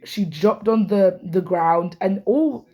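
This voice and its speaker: Speaking slowly in a mid-range, mellow voice, a young woman launches into a heated, profane rant as she tells a personal story to camera. She's hoarse from losing her voice and keeps restarting sentences, and the sound is lo-fi.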